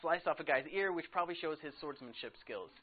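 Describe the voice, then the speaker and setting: A man's voice: a little high, expressive, quick pace, very noisy. Man teaching a Bible class over a tinny line. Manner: chatty, says "like" a lot, laughs easily. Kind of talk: casual Bible lesson to a class. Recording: tinny phone-like sound.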